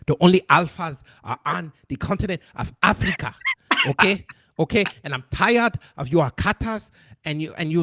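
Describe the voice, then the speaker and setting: A man's voice: fairly high pitch, fairly bright tone, dry recording, clean studio sound. A man doing a comedic impression of a pleading, whiny male broadcaster in an exaggerated sing-song voice. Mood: mocking. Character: shrill pleading mock foreign male broadcaster.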